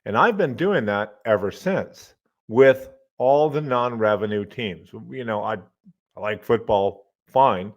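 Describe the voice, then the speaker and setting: A middle-aged man with a fairly low voice spins loose, lively stories on his own podcast, cursing casually and muttering asides. He speaks into a desk microphone, and the sound comes through a little muffled and lo-fi. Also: slow. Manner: lively, swears casually, talks to himself while fiddling with gear. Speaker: college professor and podcast host. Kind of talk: casual storytelling monologue.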